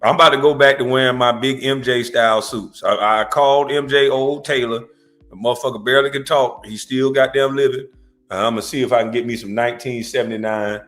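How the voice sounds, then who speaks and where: A man's voice: medium pitch, fairly bright tone. A man in his forties hosting a comedic reaction stream, brash and profane, trash-talking and laughing often. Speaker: livestream host.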